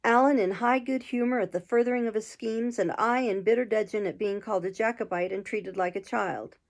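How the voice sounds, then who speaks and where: A woman's voice: mid-range voice, fairly quick. Woman reading a classic novel aloud. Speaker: storyteller.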